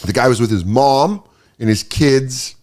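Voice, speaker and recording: A man's voice: mid-range voice, a little slow. A man hosting a casual podcast, telling stories and acting out other people's lines. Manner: animated storytelling, acts out other people in put-on voices. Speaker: podcast host.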